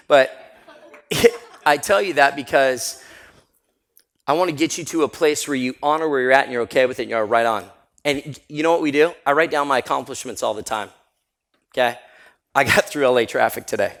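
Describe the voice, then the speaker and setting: A man giving a live motivational talk at a seminar, energetic and storytelling, often laughing. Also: medium pitch. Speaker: motivational speaker. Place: seminar room with audience.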